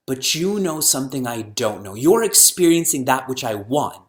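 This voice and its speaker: Lecturing on scripture to a gathered audience, a middle-aged spiritual teacher shoots off rhetorical questions and chants verses slowly. His medium-pitched voice has a sing-song quality.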